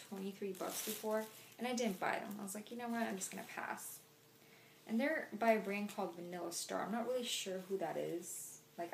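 A woman's voice: mid-range voice, vocal fry, a little hiss or hum. A young woman chatting casually through a shopping haul, talking to camera with lots of "like" and "um". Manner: chatty, filler-heavy. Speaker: vlogger.

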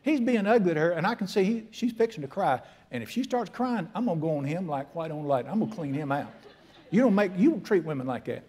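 A man's voice: sits high, expressive, quick pace, dark tone, slightly rough. Folksy preacher in his sixties. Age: 60s. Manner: folksy, storytelling, emphatic preaching with humor. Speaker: pastor. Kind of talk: sermon.

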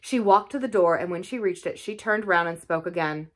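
A woman reading a classic novel aloud for a library, telling it in an expressive storytelling way. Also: lowish voice, fairly quick. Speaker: library reader.

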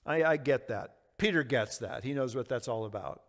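A man's voice: mid-range voice, expressive, normal speed. Pastor guy teaching verse by verse, earnest, keeps asking the crowd stuff, big echoey hall. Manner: earnest, asks the audience questions, acts out quotes. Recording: long hall reverb.

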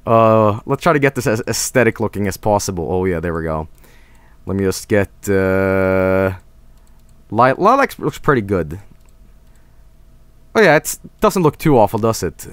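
A male streamer giving rambling, excitable live commentary while clicking through old software, often breaking into laughter. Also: fairly low pitch, normal speed, pauses often, clear, resonant tone, no room sound.

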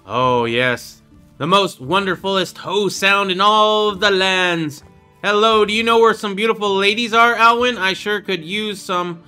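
A young man with a high, pushed, bright voice and a clean tone hosts a gaming channel. He casually comments on his own gameplay in a let's-play, joking around playfully and reading the game's dialogue aloud.

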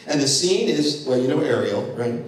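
A man in his fifties giving a keynote speech, an animated storyteller who slips in dry jokes. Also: medium pitch, moderate pace. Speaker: keynote speaker. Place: event hall. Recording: echoey hall, voice from far off.

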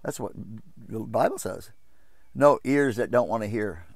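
A man preaching an informal Bible study from his RV, impassioned and quick to mock opposing views in a raised voice. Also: no echo, clean studio sound. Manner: impassioned, jumps into mocking high voices to quote others.

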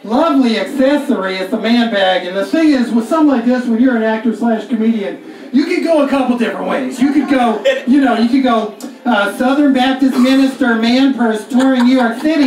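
A man's voice: very high-pitched, a little fast, a little mellow. A man in his forties doing a live stand-up set, talking in a profane, self-mocking, rambling way. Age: 40s. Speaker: stand-up comedian. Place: comedy club stage. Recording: echoey club heard from far off, audience. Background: audience laughter.

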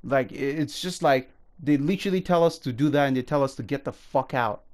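A man's voice: mid-range voice, a little fast, darkish tone. A young man ranting to his viewers, heated and profane, scolding them and then pleading with them. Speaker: gaming YouTuber. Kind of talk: angry rant to camera.

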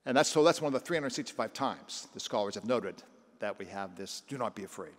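Older priest giving a sunday sermon, chatty, voice ringing around a big church. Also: male voice, on the low side, expressive, fast talker. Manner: conversational preaching, acting out scripture voices. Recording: long church reverb.

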